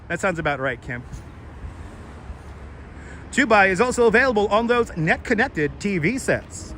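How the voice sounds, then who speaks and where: Chatty, bright-voiced New man. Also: sits high, lively intonation, a little slow, pauses often, slight background noise. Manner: chatty, thanks viewers for donations. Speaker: livestream host. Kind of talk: casual walking livestream chat. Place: outdoors on city streets. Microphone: wireless clip-on mic, phone on gimbal.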